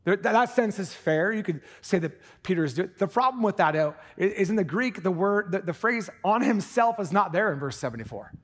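A man preaching a sermon from the pulpit, animated and earnest, dropping into hushed intensity for emphasis and tossing in casual jokey asides. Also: high voice, a little fast, hardly any pauses. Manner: jokey asides with put-on accents. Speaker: pastor. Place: church sanctuary.

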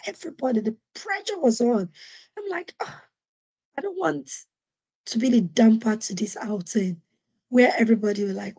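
A woman from Nigeria hosting a podcast, telling a personal story in an animated way and acting out what other people said. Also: fairly high pitch, a little slow, husky. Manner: animated, acts out quoted voices. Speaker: podcast host. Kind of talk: storytelling monologue.

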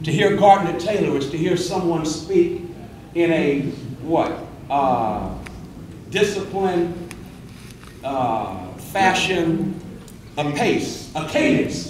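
A middle-aged man, a preacher leading a workshop, talking fast and animated, often repeating a word as he starts a thought. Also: a little high. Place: indoor room with an audience. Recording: echoey room, distant mic, faint noise.

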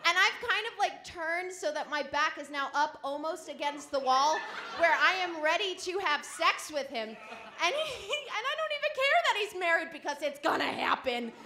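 A woman telling a frank, animated comic story on a live stage, often laughing through her lines. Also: high voice, normal speed, reverberant, a crowd in the background.

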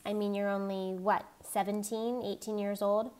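A woman reading aloud voices a stern, coldly menacing middle-aged male commandant with a deep, measured, cutting manner. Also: little pitch movement, a little mellow, lightly acted. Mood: probing.

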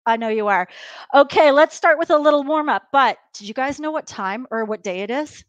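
A woman's voice: high-pitched, animated, fairly quick, no room sound, highs cut off. A woman leading a live workout class, upbeat and encouraging, counting down reps and a bit out of breath from exercising along. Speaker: fitness instructor.

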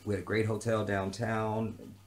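A man's voice: lowish voice, little pitch movement, moderate pace, vocal fry. Man ranting heatedly with blunt profanity. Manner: repeats himself for emphasis. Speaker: vlogger. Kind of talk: unscripted ranting monologue.

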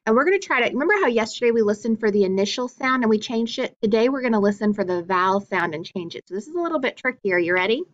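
A woman teaching a phonics lesson to young children, enunciating each sound clearly and praising often. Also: on the high side, lively intonation, quick pace, few pauses, highs cut off.

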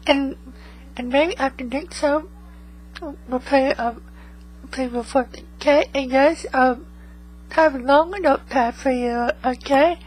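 A woman's voice: high voice, a little slow, a little hiss or hum, poor audio. A woman vlogging in casual chat to her viewers, rambling and tagging most remarks with 'okay?'. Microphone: USB microphone.

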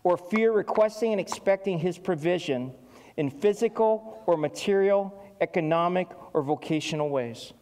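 A middle-aged man preaching a sermon in a conversational, animated way, telling stories with many ums and restarts. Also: sits high, moderate pace. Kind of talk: sermon with personal storytelling. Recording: long hall reverb.

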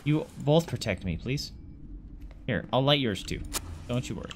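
A man's voice: mid-range voice, animated, moderate pace, a little hiss or hum. Jokey, jumpy man playing a horror game. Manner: jokey, talks to objects in the game, easily spooked. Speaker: let's play gamer. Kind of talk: casual horror game commentary.

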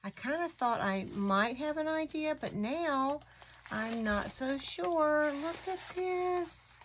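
A woman's voice: high voice, lively intonation, takes it slowly, fairly bright tone, slight background noise. A middle-aged woman hosting a craft channel, unboxing a gift swap and gushing over each item she finds.

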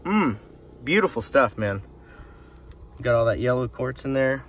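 A man prospecting in a hard rock mine, giving excited running commentary to his viewers as he works. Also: mid-range voice, measured pace, distant mic, a little hiss or hum. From United States. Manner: excitable, marvelling, talks to viewers.

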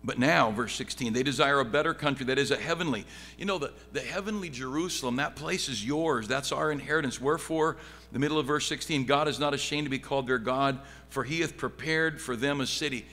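A middle-aged pastor teaching a Bible study, reading scripture aloud and swinging from loud excitement to quiet asides. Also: male voice, medium pitch, fairly quick. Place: church sanctuary. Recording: long hall reverb, faint background hum.

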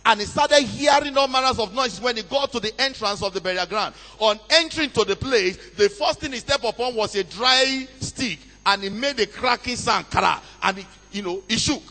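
Preacher man, bright high voice, dramatic storytelling sermon, calls to the crowd, big hall echo. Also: moderate pace, hardly any pauses. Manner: dramatic, call-and-response with congregation. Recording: long reverb of a large hall.

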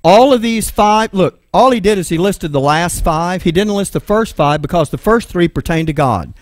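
A man's voice: high voice, expressive, moderate pace. A man with a Texan accent preaching and teaching from the Bible, reading verses aloud and asking the room questions before he answers them himself. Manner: reads scripture aloud, then explains it verse by verse; calls to an assistant for the next slide. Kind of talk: sermon-style Bible teaching.

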